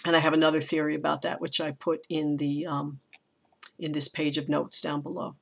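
A teacher with a bright, clear-edged voice talks through a poem's meter in a relaxed recorded lecture. Lines of verse are read slowly, with the stressed beats leaned on. Between the readings the explanation thinks aloud and restarts now and then. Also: mid-range voice. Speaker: college English teacher.

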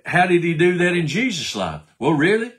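A man's voice: a little high, sing-song, normal speed, fairly bright tone. A man preaching a sermon, firing rhetorical questions and answering them himself while quoting scripture.

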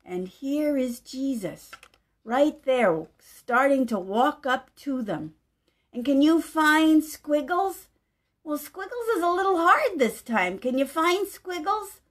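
This is story-time reading: a female pastor shares a picture book with young children. Her voice is high and bright, her pace leisurely, her lilt gentle yet animated, with pauses to quiz the little ones.

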